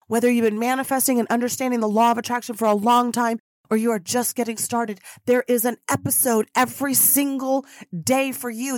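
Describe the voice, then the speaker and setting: A woman hosts a spiritual podcast in an effusive, preachy manner, leading her listeners in chanted affirmations. Her voice sits a little high. The sound is dry and close, with no room around it. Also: a little mellow, no room sound. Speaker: podcast host. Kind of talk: motivational spiritual podcast talk.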